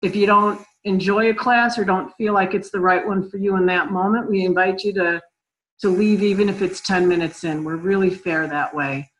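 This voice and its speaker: A woman's voice: mid-range voice, steady tone, moderate pace, low-quality recording. Woman running a zoom-style q and a, friendly and chatty, medium voice. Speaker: host of an online conference preview. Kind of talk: hosting a live video Q and A. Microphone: computer mic on a video call.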